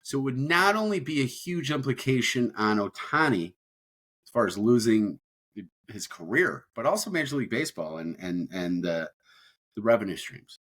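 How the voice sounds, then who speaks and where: Bright-voiced rambling male podcast co-host. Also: mid-range voice, animated, moderate pace. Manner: rambling, repeats words, agrees often. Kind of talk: casual chat.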